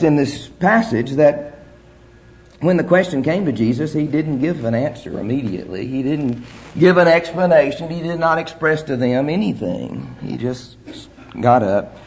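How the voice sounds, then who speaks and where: A man preaching a sermon, telling the story in an earnest way with measured pauses. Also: medium pitch, lively intonation, a little mellow.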